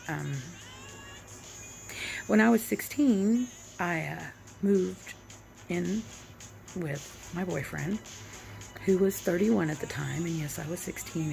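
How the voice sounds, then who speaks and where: A woman, telling a personal story in a candid, reflective way with many pauses. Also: on the low side, gravelly, low-quality recording. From Oklahoma. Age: 40s. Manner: candid, reflective, halting with fillers. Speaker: vlogger.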